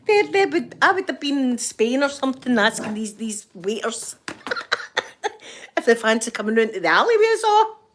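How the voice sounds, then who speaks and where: A woman's voice: high-pitched, very animated, moderate pace, fairly bright tone. Chatty older Scottish woman. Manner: chatty, laughs often, rambling anecdotes. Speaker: vlogger reading live chat. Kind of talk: casual chat.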